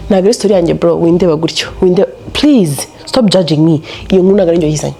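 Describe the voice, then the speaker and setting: A young woman telling a story to camera in a casual vlog, animated and laughing often as she switches between Kinyarwanda and English. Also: fairly low pitch, rapid-fire, slightly rough. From Rwanda. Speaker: storytelling vlogger.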